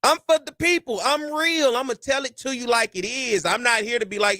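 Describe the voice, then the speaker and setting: A man hosts a sports talk podcast in a high, bright voice. He preaches his points with lively swings in pitch and folksy slang. The sound is close and dry. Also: brisk, few pauses, dry recording. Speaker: podcast host.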